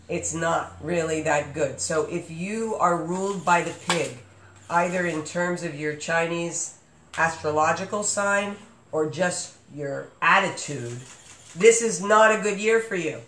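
A man's voice: fairly high pitch, measured pace, fairly bright tone. A man hosting a casual podcast chat, rambling with lots of fillers and restarts. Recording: echoey room with faint noise.

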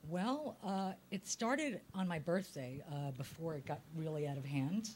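A middle-aged woman guest on a talk show, answering in an unhurried, sultry manner. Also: darkish tone, a little hiss or hum. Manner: low-key, sultry, unhurried. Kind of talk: casual interview answers. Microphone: studio mic.

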